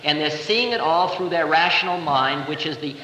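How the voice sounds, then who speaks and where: A man's voice: on the high side, moderate pace, noisy background. A man in his thirties giving a playful, conversational spiritual lecture, recorded live in a large hall in 1970. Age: 30s. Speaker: spiritual teacher.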